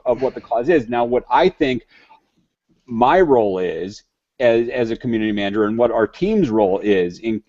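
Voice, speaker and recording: A man's voice: medium pitch, dark tone, dry recording, dull audio. A man speaking earnestly on a video call panel, restarting phrases often and joking at himself. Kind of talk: casual video panel chat.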